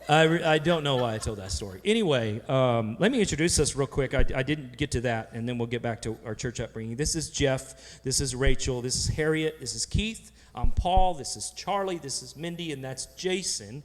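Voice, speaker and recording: Lively in intonation and a little fast, a slightly high-voiced man tells rambling, joke-filled stories while moderating a panel in a church sanctuary. He restarts often, and the hall's long reverb colors the sound.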